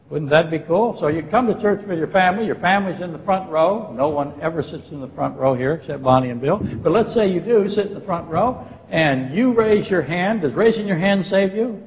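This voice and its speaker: A man's voice: a little high, animated, normal speed, few pauses. A man giving a Bible lecture to a congregation, firing rhetorical questions at them and dropping dry, facetious asides. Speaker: Bible teacher. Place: church sanctuary. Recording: long reverb of a church hall.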